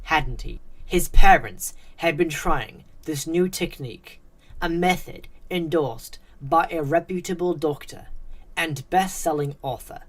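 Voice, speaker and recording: Low-voiced woman narrating a dark story. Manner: measured, suspenseful reading.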